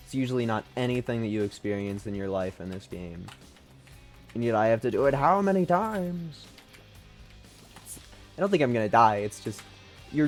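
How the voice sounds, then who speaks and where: A man chatting loosely while he plays a game on stream at home, his voice sitting at a mid pitch. He rambles and jokes at his own expense, swearing freely, with faint music running behind him. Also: darkish tone. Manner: rambling, self-deprecating, sweary. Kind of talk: casual gaming commentary.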